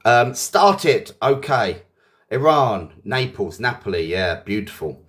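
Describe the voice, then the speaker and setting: A man's voice: medium pitch, lively intonation, slow pace, a bit bright. Chatty British man teaching English live. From England. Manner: chatty and encouraging, greets viewers by name. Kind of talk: live online lesson, reading viewer comments.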